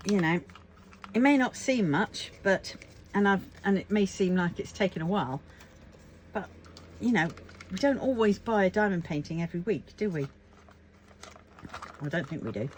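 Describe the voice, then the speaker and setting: A woman's voice: mid-range voice, expressive, normal speed, long pauses, a little mellow, a little hiss or hum. A woman vlogger chatting casually to camera at home, rambling and thinking aloud with plenty of fillers. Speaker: crafting vlogger.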